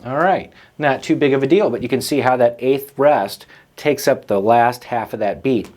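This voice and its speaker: A man's voice: medium pitch, fairly quick, few pauses, background noise. A man hosting a drum lesson, explaining rhythms patiently and counting the beats aloud. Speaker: drum teacher and host.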